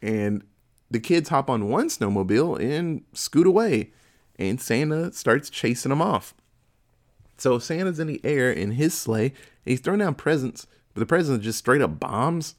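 A man's voice: medium pitch, big pitch swings, normal speed. A man in casual chat, retelling a movie plot in a profane, laughing storytelling manner.

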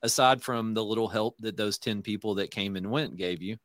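A man's voice: lowish voice, moderate pace, a bit bright, no room sound. A man hosting a casual interview podcast, talking loosely with lots of fillers and restarts. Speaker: podcast host.

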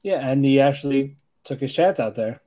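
A man's voice: mid-range voice, animated, normal speed, warm tone. A man co-hosting an anime podcast in casual chat, easygoing and agreeable, laughing along while recapping episodes. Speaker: podcast co-host.

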